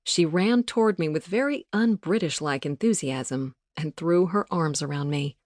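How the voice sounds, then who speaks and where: A woman reading a novel aloud as an audiobook narrator, in a measured storytelling manner, recorded close in a booth. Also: sits low, expressive, a little mellow, no room sound. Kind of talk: scripted narration. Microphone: studio mic, close.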